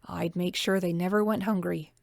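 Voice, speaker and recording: A woman's voice: fairly low pitch, fairly even intonation, moderate pace, creaky, darkish tone, no echo. A woman reading the part of a young working-class woman who dreams of owning a bakery, eager and wistful.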